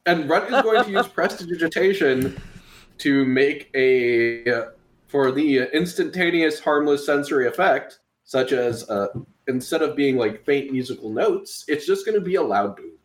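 A man playing a tabletop game casually, often breaking into laughter. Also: on the high side. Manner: slow, laughing, animated. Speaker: player. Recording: echoey room with faint ambience.

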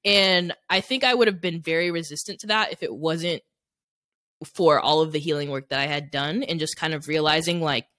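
A woman's voice: low-pitched, moderate pace, fairly bright tone, no echo. A young adult woman co-hosting a podcast, telling personal stories in a candid, rambling way, packed with "like" fillers. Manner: rambling, heavy use of "like" fillers. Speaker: podcast co-host. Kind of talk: casual chat.

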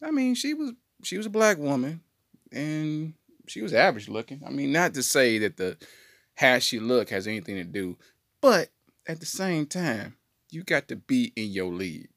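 Man, podcast co-host, comedic storytelling, lively pitch swings, dry close sound. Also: moderate pace, dry recording. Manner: animated, slangy, jumps into voices.

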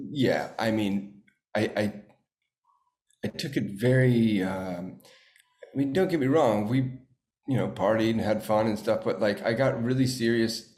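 A man's voice: fairly low pitch, moderate pace, a little mellow. Laid-back man in a roomy room. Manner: laid-back storyteller, acts out quoted dialogue. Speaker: actor guest. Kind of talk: casual interview chat. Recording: roomy echo.

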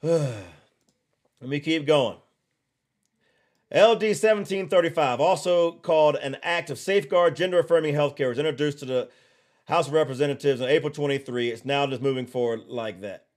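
A man hosting a political podcast, giving heated, blunt opinion commentary with slow, emphatic repetition and drawled asides. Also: fairly high pitch.

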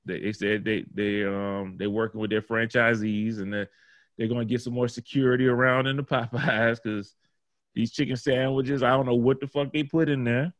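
A man hosts a casual podcast chat, telling loose, rambling stories laced with swearing. His voice sits at an ordinary pitch. It is recorded close and dry, with no room sound around it. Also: fairly even intonation, moderate pace, no room sound. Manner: profane, rambling storytelling. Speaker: podcast host.

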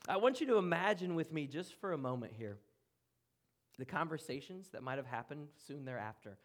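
A man pastor preaching a sermon in a church room, earnest, with dramatic pauses and drops to a hush. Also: a little high, expressive. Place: church room, speaking from the front.

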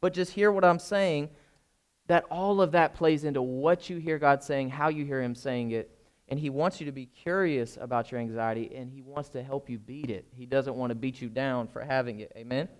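A man's voice: mid-range voice, normal speed, clean tone. A young adult man, a pastor, giving an informal sermon and often checking that his listeners are following. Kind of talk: conversational sermon.

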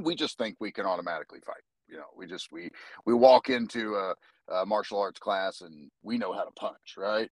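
A man, a jiu-jitsu instructor, talking as a guest in a casual podcast interview, animated and full of restarts. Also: fairly low pitch, no room sound, poor audio. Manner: animated storyteller, many restarts.

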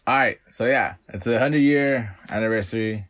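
A man's voice: mid-range voice, moderate pace, a bit bright. A man co-hosting a casual chat, loose and profane, joking around.

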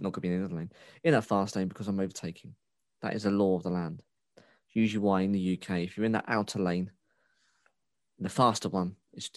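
A man talks in a low voice, swearing freely and ranting as his sentences restart and wander. The recording is dry and close, with no room sound. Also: no room sound. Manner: rambling with restarts and fillers. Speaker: podcast co-host. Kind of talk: casual chat.

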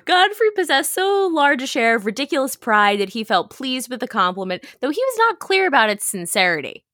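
A woman's voice: high-pitched, sing-song, brisk, bright, forceful tone, no room sound, studio quality. A woman co-hosting a podcast, narrating an old novel aloud and often breaking off to laugh. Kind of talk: casual reading of a novel aloud.

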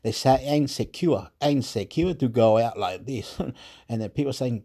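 A man's voice: mid-range voice, measured pace, dark tone, breathy edge. A man ranting in an agitated monologue, swearing and repeating himself.

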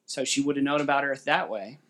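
A man in casual chat about movies, excitable, laughing often and jumping in with quick interjections. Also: mid-range voice.

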